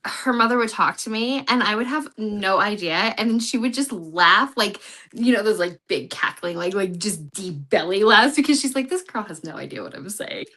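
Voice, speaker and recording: A woman co-hosting a livestream, chatting casually in a giggly, animated way. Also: medium pitch, moderate pace, hardly any pauses. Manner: giggly, animated, lots of fillers. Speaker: co-host.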